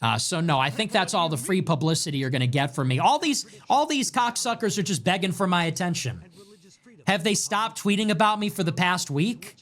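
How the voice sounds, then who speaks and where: A man's voice: high-pitched, animated, fairly quick, a bit bright. A man hosting a livestream, brash, profane and swaggering as he tells boastful stories. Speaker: livestream host.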